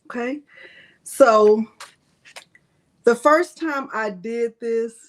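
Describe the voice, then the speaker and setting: Lady in her 60s doing a live craft q&a, talks kinda high, greets everybody in chat by name. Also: very slow. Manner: chatty, greets viewers by name, playful fussing. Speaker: crafting livestream host. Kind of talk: live Q&A chat, reading viewer comments.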